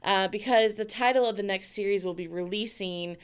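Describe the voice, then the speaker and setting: A woman's voice: medium pitch, a little fast, smooth. A woman hosting a faith podcast, chatting in a playful, giggly way. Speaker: podcast host. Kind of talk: casual podcast chat.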